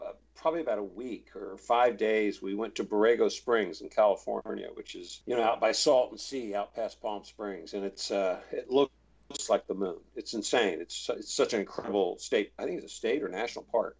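A man's voice: on the low side, vocal fry. Chatty man telling set stories, muffled audio. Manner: chatty, many restarts, acts out quoted voices. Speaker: actor guest. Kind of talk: relaxed anecdotal storytelling. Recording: slightly dull, muffled audio.

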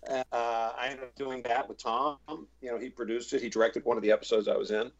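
A man's voice: mid-range voice, moderate pace, muffled recording. A man, an actor guest in an interview, telling stories casually and acting out the voices he quotes. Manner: animated anecdotes, acts out quoted voices.

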